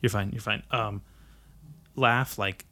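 A man's voice: lowish voice, steady tone, slow, bright, forceful tone. A man who is a little drunk, talking bluntly and emphatically in casual chat, with frequent swearing.

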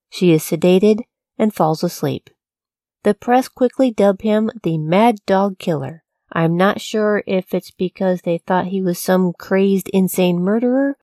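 A woman narrating a true-crime story from a script, in a measured, even storytelling delivery. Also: medium pitch, no echo, studio quality. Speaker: podcast narrator.

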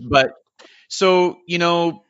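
A man speaks very slowly as a podcast guest and gives blunt, laid-back answers. His voice comes across muffled and lo-fi. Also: high-pitched, fairly bright tone, clear, resonant tone. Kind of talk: casual chat. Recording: dull lo-fi audio.

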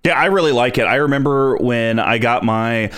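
A man's voice: medium pitch, moderate pace, a bit bright. Guy hosting a card game podcast, plain mid voice, lots of "like" and "um". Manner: explanatory, uses filler words. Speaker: podcast host. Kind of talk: casual chat about a card game.

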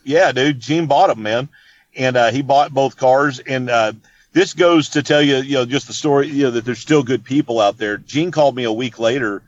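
Man, casual storyteller, rambling, laid-back, mid-pitched voice, slightly muffled recording. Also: normal speed. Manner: rambling, laid-back, peppered with "dude" and "you know what I mean". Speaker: podcast guest.

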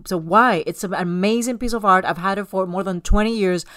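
A woman co-hosting a casual podcast chat. She tells stories in an animated way, often restarting her sentences. Her pitch sits in the ordinary middle range. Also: fairly quick, hardly any pauses. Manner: animated storyteller, many restarts. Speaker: podcast co-host.

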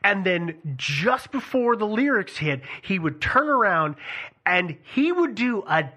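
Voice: mid-range voice, big pitch swings, unhurried, bright, forceful tone. A podcast host talking casually, telling a story with frequent fillers and restarts. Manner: hesitant, many restarts and fillers.

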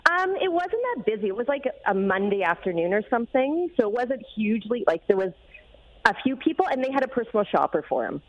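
A woman's voice: a little high, fast talker. Upbeat lady radio cohost gushing about a story, kinda muffled audio. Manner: bubbly, excited storyteller. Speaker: radio show co-host. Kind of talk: casual radio chat.

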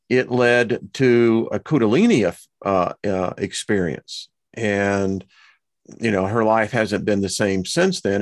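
A man hosting an interview show, speaking in an unhurried, hesitant way with frequent pauses. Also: on the low side, no room sound. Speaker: show host. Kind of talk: interview host.

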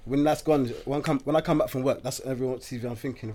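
A young man with a London accent in casual chat, lively and laughing, imitating his parents. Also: mid-range voice, quick pace.

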